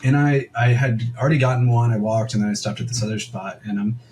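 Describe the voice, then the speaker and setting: Young man, podcast co-host, rambling casual storytelling, mid pitch, faint room hiss. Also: quick pace, darkish tone, low-quality recording. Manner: rambling, lots of "like" and quoted asides.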